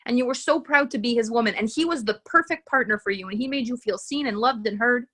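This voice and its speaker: Woman coach, bright-ish higher voice, earnest and emphatic, leans on repetition. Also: fast. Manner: earnest and emphatic, repeats key phrases. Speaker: relationship coach. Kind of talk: live coaching session, reading out viewer comments.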